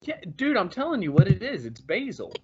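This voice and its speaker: A man's voice: high voice, wildly swooping pitch, fairly quick, darkish tone, breathy edge, muffled recording. A man co-hosting a podcast, rambling and joking crudely in casual chat. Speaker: podcast co-host.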